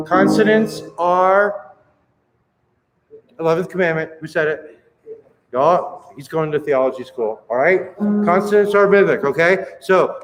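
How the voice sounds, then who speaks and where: A man's voice: on the high side, measured pace. A man conducting a choir rehearsal, counting beats aloud, encouraging the singers and singing bits to show them. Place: rehearsal hall. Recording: roomy rehearsal hall with music.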